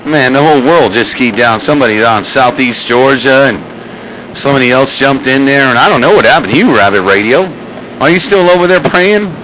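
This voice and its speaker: A man's voice: mid-range voice, brisk, fairly bright tone, a little hiss or hum, low-quality recording. A man chatting over CB radio, rambling and teasing, with a repeated "crazy, crazy" catchphrase. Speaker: CB radio operator and channel host. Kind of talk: casual radio banter.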